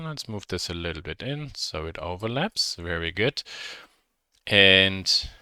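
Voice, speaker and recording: Deep-voiced German-accented tutorial instructor. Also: male voice, pushed and bright, dry recording, studio quality. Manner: thinks aloud, self-correcting. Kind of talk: software modeling tutorial.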